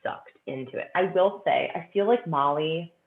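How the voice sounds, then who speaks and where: A woman with a low-sitting voice speaks at a moderate pace as a guest author, gushing enthusiastically about books in a casual, filler-heavy chat. Her audio comes through a tinny remote phone line with echo.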